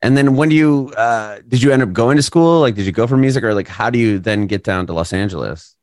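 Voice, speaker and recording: A man's voice: mid-range voice, quick pace, a little mellow, no room sound, studio quality. A man interviewing a guest casually over a video call, asking sympathetic, rambling questions that restart mid-sentence.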